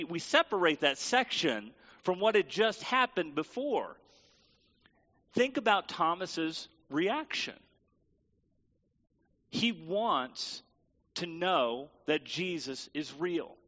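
A pastor with a bright, forceful voice preaches in a conversational way, putting questions to his congregation. His voice rings with a long reverb from a large church hall. The recording sounds a little muffled. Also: high-pitched, big pitch swings, slow pace. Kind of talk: sermon. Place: church sanctuary.

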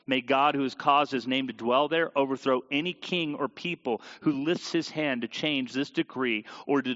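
Animated preacher in a reverberant hall. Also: male voice, mid-range voice. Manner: animated, stumbles over names. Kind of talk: sermon with scripture reading. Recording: dull audio with long hall reverb.

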